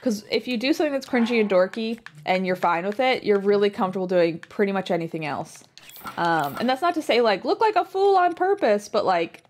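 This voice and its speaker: A woman livestreamer chatting casually while she plays, rambling along with lots of fillers and quick asides. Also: medium pitch, lively intonation, a little hiss or hum. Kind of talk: casual chat while gaming.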